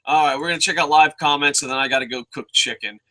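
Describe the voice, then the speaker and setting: Male show host reviewing wrestling; high, sharp-toned, excitable, swears a lot, rambles with restarts. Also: quick pace. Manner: excitable, profane, swings into loud shouting. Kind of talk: casual ranting show review.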